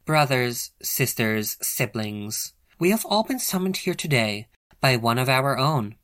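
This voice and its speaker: A man's voice: medium pitch, sing-song, measured pace, a bit bright. A man voicing a female wolf pack leader who addresses her pack in grand, solemn speeches. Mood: commanding.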